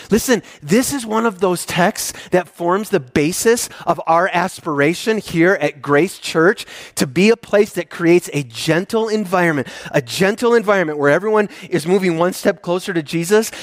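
A man preaching a sermon as a pastor, earnest and emphatic, swinging between hushed soft lines and rising heartfelt appeals. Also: high-pitched, dry recording, clean studio sound.

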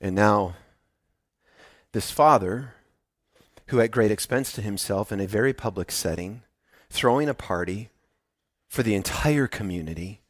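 A male pastor preaching an animated sermon, swinging from hushed tones to loud emphasis as he tells a story. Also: on the low side, dry recording, clean studio sound.

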